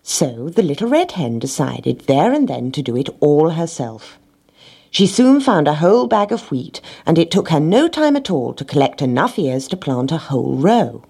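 Husky woman reading a children's story. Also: low voice, dark tone.

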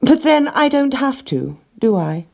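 A woman's voice: high-pitched, very animated, measured pace, creaky, darkish tone, pitched above the performer's own voice, exaggerated voice. A woman putting on a sly smug rat. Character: selfish sly male rat.

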